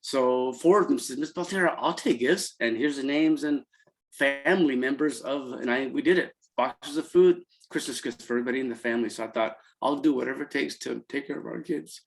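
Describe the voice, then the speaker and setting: A middle-aged man from Central California telling stories as an interview guest, halting and full of restarts, his voice lifting when he quotes students. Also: mid-range voice, gravelly, rough recording. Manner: halting, many restarts and fillers, voice rising when quoting students. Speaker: interview guest, college program founder. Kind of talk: emotional conversational storytelling.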